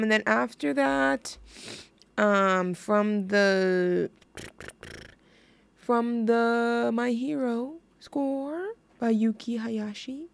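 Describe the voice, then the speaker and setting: Giggling and rambling, the young host of a music radio show chats casually and keeps cutting herself off. Her voice is a little high with vocal fry, and there's no room sound.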